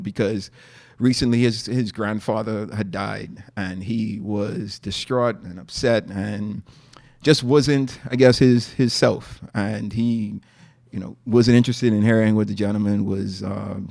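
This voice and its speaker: A man's voice: fairly low pitch, steady tone, moderate pace, creaky, a little mellow, no echo, clean studio sound. A man with a Bahamian accent, casually telling a story as a podcast host, with many fillers and restarts.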